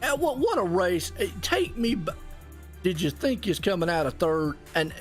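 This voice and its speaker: A man doing live play-by-play commentary on a sim race, folksy and excitable, dropping y'all and ain't as he talks. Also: high-pitched, normal speed, soft background music.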